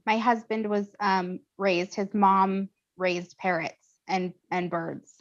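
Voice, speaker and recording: An American woman hosting a casual conversation, an animated storyteller who mimics voices. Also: medium pitch, slow pace, highs cut off.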